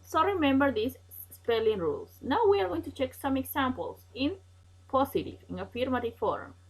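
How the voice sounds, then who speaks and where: A woman's voice: high-pitched, big pitch swings, moderate pace, rough recording. A woman teaching an English grammar lesson online, patient and repetitive, checking in with "okay?" often.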